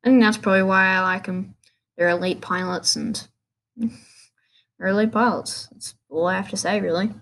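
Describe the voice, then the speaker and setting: A woman's voice: medium pitch, steady tone, normal speed, pauses often, fairly bright tone, slight background noise. A woman hosting a casual solo gaming podcast, rambling and restarting her sentences in an offhand way. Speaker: podcast host.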